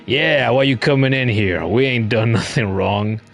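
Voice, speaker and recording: A man's voice: mid-range voice, moderate pace, gravelly. A man voicing a scruffy, wheedling male bug scavenger in a video game, with an Australian accent and a coarse, slangy drawl. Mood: gruff, wheedling.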